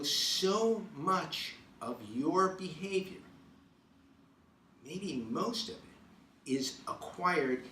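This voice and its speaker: A man from New York speaks to the camera about leadership in an emphatic storytelling manner, leaning hard on key words. His voice sits a little high for a man and sounds a bit distant from the mic. The room around him is echoey, with a faint hiss underneath. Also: pushed and bright. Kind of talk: motivational talk to camera.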